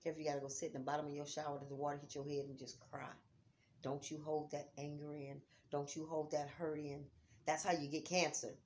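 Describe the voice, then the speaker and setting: Low-voiced heartfelt woman vlogger. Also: flat delivery, fairly quick, a little hiss or hum. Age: middle-aged. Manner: heartfelt, swings from soft near-whispers to loud urging. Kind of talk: emotional vlog talk. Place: home, on a couch.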